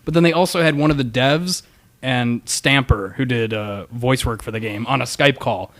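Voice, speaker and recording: A man's voice: medium pitch, normal speed, fairly bright tone. Blunt critical podcast man. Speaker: podcast guest. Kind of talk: casual podcast banter.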